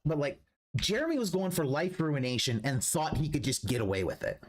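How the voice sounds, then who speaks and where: Man, livestream reaction, profane ranting, very lively pitch, restarts sentences. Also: fairly quick, a little hiss or hum. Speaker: streamer.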